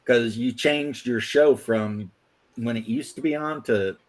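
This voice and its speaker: A man's voice: medium pitch, unhurried. A man hosting a casual online chat, rambling and laughing often, on a desk microphone. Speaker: host.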